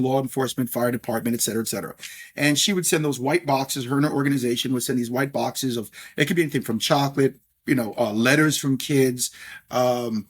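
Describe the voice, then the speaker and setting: A middle-aged scotch brand owner from New York speaks with a medium-pitched voice in a podcast interview. His delivery is animated, with many fillers and restarts.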